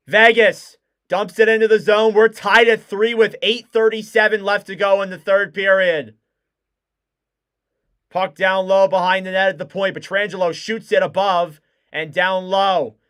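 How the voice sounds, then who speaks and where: A young man calls a hockey game live as a fan streamer, his voice high and bright with a smooth, clear tone. He rattles off the play and bursts into shouts when the action peaks. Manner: excitable, shouts and cries out on big plays.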